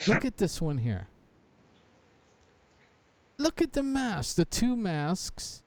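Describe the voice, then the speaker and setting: A man from Canada hosting a casual podcast chat, reacting to clips in a crude, profane and animated way. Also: high voice, slow, slight background noise. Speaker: podcast host.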